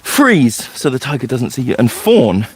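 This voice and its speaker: A man's voice: medium pitch, big pitch swings, moderate pace, slight background noise. A man, a forest school leader chatting casually and explaining things in a loose storytelling way. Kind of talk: casual podcast chat.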